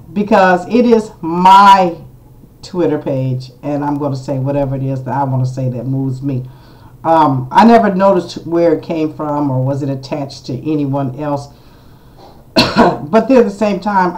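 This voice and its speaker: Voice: medium pitch, darkish tone, poor audio. A vlogger talking casually to camera, blunt and opinionated, with plenty of fillers and the odd curse. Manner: chatty, with many fillers and asides. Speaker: vlogger doing astrology readings.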